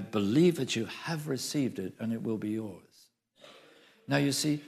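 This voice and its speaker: Gravelly emphatic male preacher. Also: mid-range voice, darkish tone. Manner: emphatic, repeats phrases for stress. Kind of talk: sermon.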